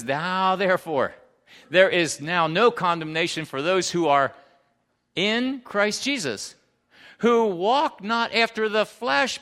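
A man preaching a sermon, emphatic, swinging between loud declarations and hushed asides and asking the congregation questions. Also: a little high. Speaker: pastor.

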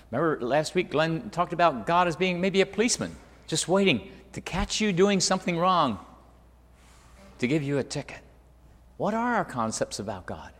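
A middle-aged male pastor preaching a sermon, moving between loud emphasis and hushed asides. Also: on the high side. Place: church hall. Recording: long hall reverb.

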